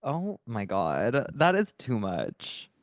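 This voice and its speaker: Man, podcast co-host, quick teasing interjections, smooth resonant voice, dry sound. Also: mid-range voice, huge pitch swings, no room sound. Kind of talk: casual chat.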